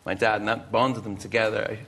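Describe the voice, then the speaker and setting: A man's voice: lowish voice, level tone, fast talker, a bit bright, slight background noise. A middle-aged man from Ireland, a guest musician on a chat show, telling a long rambling anecdote and breaking off to act out what people said. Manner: rambling, self-interrupting storyteller acting out quotes.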